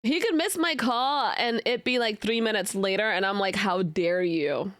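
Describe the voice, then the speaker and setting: A young woman streamer chats casually with her viewers, playful and prone to mock outrage. Her voice sits high, and the sound is dry and close, with no room echo. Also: normal speed, fairly bright tone, clear, resonant tone. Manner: chatty and playful, with bursts of laughter and mock outrage; many fillers and restarts. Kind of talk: casual chat reacting to live chat.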